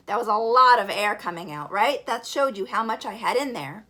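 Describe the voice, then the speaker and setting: A woman's voice: medium pitch, animated, normal speed, hardly any pauses. A woman giving an upbeat breathing and singing lesson for children, encouraging and demonstrating as she goes. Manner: bright, encouraging, demonstrates breaths and sings alphabet. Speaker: vocal teacher for kids.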